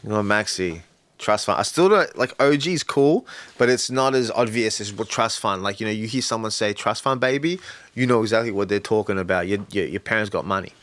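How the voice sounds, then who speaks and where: A man's voice: lowish voice, fairly quick, fairly bright tone. A man hosting a casual livestream who brainstorms rap lyrics aloud, muttering and repeating lines as he works them out. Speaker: livestream host and rapper.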